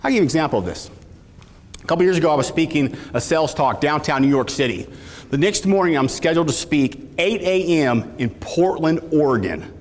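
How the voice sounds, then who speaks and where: A man's voice: a little high, a little fast. A man giving a motivational keynote speech, telling a story with energy and calling out to the audience. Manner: animated storytelling with audience call-outs. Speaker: keynote speaker. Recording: reverberant hall.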